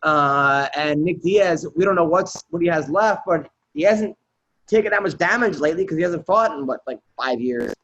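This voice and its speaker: A man's voice: on the high side, expressive, moderate pace, fairly bright tone, muffled recording. A man hosting a casual podcast chat, loose and filler-heavy as he prompts his guests. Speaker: podcast host.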